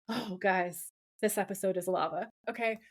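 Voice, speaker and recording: A woman co-hosting a podcast, gushing and excitable as she recaps a TV episode, swearing and laughing often. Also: medium pitch, unhurried, slightly rough. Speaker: podcast co-host. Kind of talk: casual episode recap chat.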